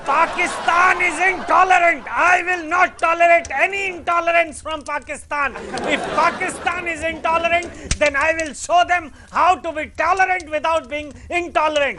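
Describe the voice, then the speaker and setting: War-crazed ranting panelist. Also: male voice, extremely high pitch, noisy background. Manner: shouting, ranting slogans. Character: hawkish male panelist shouting for war.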